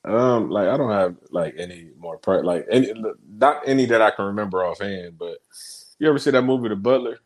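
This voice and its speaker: A man's voice: fairly low pitch, lively intonation, fairly quick. A man co-hosting a casual chat who laughs a lot and hesitates with fillers. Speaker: co-host.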